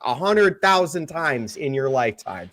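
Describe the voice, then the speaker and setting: A man's voice: a little high, sing-song, measured pace, a bit bright. An American man reviewing a movie with friends, blunt and indignant in casual chat.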